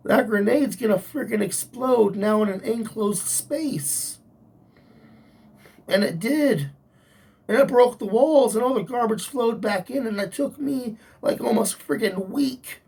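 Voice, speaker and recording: Husky man ranting in a vlog. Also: high voice, a little mellow, far from the mic. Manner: angry, profane venting. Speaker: security guard. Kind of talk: vlog rant.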